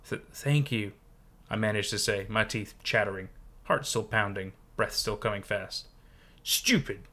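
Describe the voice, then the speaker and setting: A man reading a first-person horror story aloud in measured, tense scripted narration. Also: medium pitch, bright, forceful tone.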